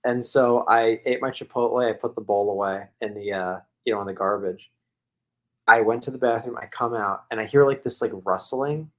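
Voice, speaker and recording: A man's voice: medium pitch, moderate pace, fairly bright tone. A man co-hosting a podcast, telling a long casual story that rambles, full of "like" fillers. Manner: rambling, heavy use of "like", laughs while telling. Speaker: podcast co-host.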